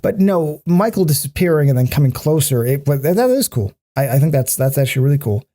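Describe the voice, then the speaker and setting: A man co-hosting a casual podcast, picking apart what annoys him with plenty of swearing. His voice is dark and mellow, and he keeps stumbling into restarts as he rants. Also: on the high side, lively intonation. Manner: critical, ranting, swears freely; halting, many restarts. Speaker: podcast co-host. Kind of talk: casual chat.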